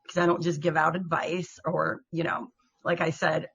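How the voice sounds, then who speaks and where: Bright-voiced female co-host. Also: deep voice, flat delivery, moderate pace, husky. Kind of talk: casual chat.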